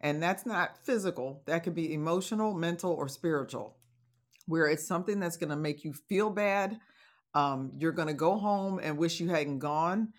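Speaking at a moderate pace in a low voice, a woman who hosts an advice podcast and works as a divorce coach encourages her listeners in a casual way. She laughs and slips in playful asides.

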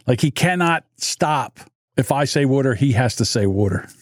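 A man's voice: medium pitch, lively intonation, normal speed, no echo. A middle-aged man with a Delaware County accent, chatting casually on a podcast and laughing as he reminisces. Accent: Delaware County, Pennsylvania. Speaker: podcast co-host. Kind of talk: casual chat.

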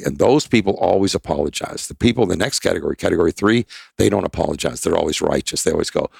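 A man's voice: sits low, fast, gravelly, breathy edge, dry recording. An older man, a podcast guest, telling rambling, emphatic anecdotes in a casual interview. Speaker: expert guest.

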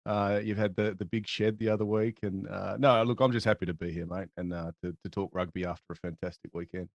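A man chats as a podcast guest, rambling and restarting as he talks. He has a fairly low voice, recorded dry and close. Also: steady tone, brisk, vocal fry, dry recording, muffled recording. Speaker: podcast guest, documentary filmmaker. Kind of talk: casual podcast chat.

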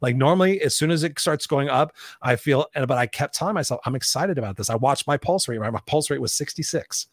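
Man, podcast host and coach, rapid punchy delivery, swears, dry close sound. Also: fairly high pitch, dry recording. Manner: emphatic, punchy, swears freely. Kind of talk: motivational interview chat.

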